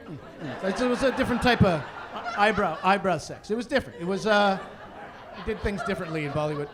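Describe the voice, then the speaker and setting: Canadian guy doing standup, kinda high voice, gets loud and exasperated, acts out the people in his stories. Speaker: stand-up comedian. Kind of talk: stand-up comedy set.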